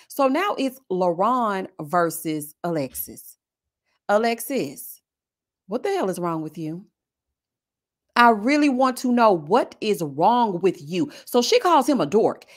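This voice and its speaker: A woman's voice: on the high side, measured pace. A woman giving a casual, sassy review of a reality TV show, acting out what people said. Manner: sassy, animated, acts out quoted people. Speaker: reality TV commentator.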